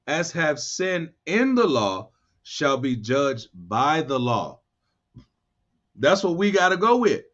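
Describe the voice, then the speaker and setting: Animated man teaching scripture, lo-fi. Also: a little high, slightly rough. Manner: reads verses slowly, then riffs in animated street talk. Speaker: bible study teacher. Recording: dull lo-fi sound.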